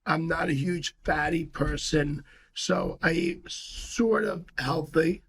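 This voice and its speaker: Animated storytelling man in his fifties. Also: a little high, slow, creaky. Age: 50s. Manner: animated storyteller, rambling with many fillers. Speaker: podcast guest, martial arts instructor. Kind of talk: casual chat.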